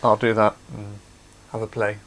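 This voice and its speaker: A man's voice: fairly low pitch, completely flat delivery, normal speed, a bit bright. A man hosting a craft livestream, chatty and explaining things step by step. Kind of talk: casual demonstration.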